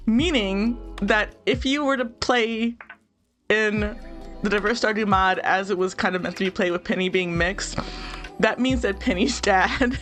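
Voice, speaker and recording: A woman's voice: medium pitch, fairly bright tone. A young woman with a stuffy nose, chatting and giggling casually as she plays a game. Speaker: let's play host. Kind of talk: casual gameplay commentary. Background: faint game music.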